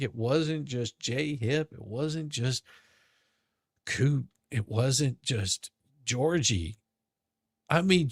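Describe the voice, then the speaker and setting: Gravelly, slow-talking ranting man. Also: mid-range voice, dry recording, studio quality. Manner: profane, sarcastic, mocking. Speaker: streamer commentator. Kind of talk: ranting commentary. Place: home streaming setup.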